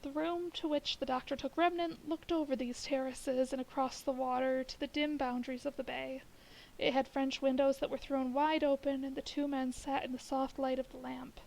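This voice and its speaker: A woman reading a classic horror story aloud in steady, unhurried narration on a live stream. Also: sits high, vocal fry, a little hiss or hum, poor audio.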